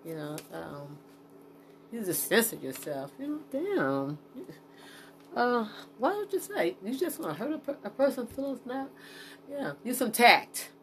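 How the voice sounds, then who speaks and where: Somewhat low in pitch yet fairly bright in tone, this woman's voice carries slight background noise. In an unscripted solo podcast, she rambles in a frank, profane way with many fillers and restarts, pausing to talk to herself over her notes.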